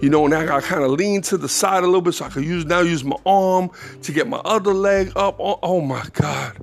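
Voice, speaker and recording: A man's voice: on the high side, a little fast, vocal fry, soft background music. A man hosting a podcast and telling a personal story in a casual, slangy, self-mocking way, often breaking into laughter. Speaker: podcast host.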